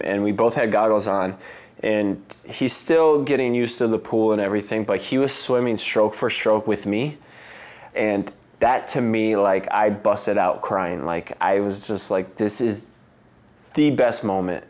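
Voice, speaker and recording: Interview guest, male, 30s, lower pitch, rambling casual storyteller who laughs easily. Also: a little mellow. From United States. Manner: rambling, heavy use of "like" and "um", laughs often, mimics voices in quotes. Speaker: interview guest, Olympic swimmer.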